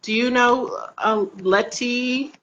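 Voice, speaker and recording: A woman's voice: on the high side, takes it slowly, fairly bright tone, highs cut off. A middle-aged American woman co-hosting a casual chat, easygoing and asking questions to keep things moving. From United States. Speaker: co-host. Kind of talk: casual video-call chat.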